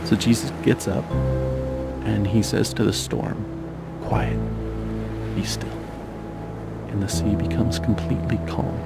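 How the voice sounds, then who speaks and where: A man narrating as a father, reflective and searching, asking quiet questions. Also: fairly low pitch, fairly even intonation, moderate pace, creaky. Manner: questioning, searching, soft-spoken. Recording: music under the voice.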